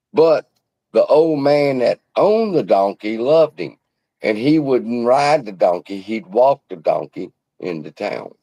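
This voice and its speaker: A man's voice: fairly low pitch, warm tone, no echo, rough recording. A man hosting a casual livestream, telling a folksy parable in a profane, preacherly way from a room at home. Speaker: investing channel host. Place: hot room at home beside air conditioner.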